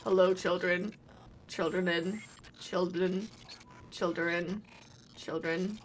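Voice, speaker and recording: Stuttering robotic male AI professor, eerie and flat, pitched lower, as a woman reads his lines; faint hiss behind. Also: slow, rough recording. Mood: glitching. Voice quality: stuttering, mechanical delivery. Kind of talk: reading game dialogue aloud.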